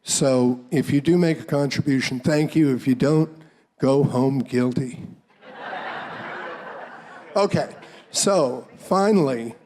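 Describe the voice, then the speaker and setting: A man's voice: mid-range voice, slow, long pauses, a little mellow. A man hosting a library program, making informal, joking remarks before introducing the speaker. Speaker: program host.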